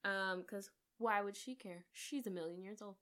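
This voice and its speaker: A woman co-hosting a podcast, eagerly retelling a film plot in casual chat with quick asides. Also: medium pitch, fairly bright tone. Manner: enthusiastic, gushing storyteller with quick asides. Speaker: podcast co-host. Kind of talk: casual movie recap.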